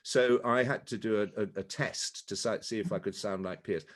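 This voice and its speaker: A man with a southern English accent, a guest actor chatting casually and telling animated stories that slip into voices. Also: lowish voice, normal speed. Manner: animated storyteller who slips into voices. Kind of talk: casual chat.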